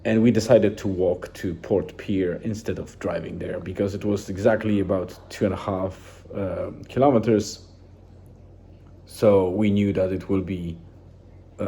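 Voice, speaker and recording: Low, dark-voiced man rambling casually. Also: measured pace, vocal fry, a little hiss or hum. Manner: rambling, relaxed, with many restarts and fillers. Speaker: vlogger. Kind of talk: casual daily journal vlog.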